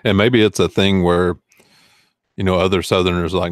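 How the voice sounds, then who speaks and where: A man's voice: sits low, fairly even intonation, fairly quick, no room sound, studio quality. A man with a Southern US accent hosting a casual livestream, rambling and answering chat comments. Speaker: eBay reseller hosting a livestream.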